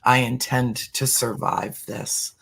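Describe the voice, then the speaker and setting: A middle-aged man speaks at medium pitch with little pitch movement, vocal fry, a slightly bright tone, and a breathy edge. Engaged in a heartfelt spiritual conversation, he is slow and deliberate, sometimes lowering to a near-whisper for emphasis.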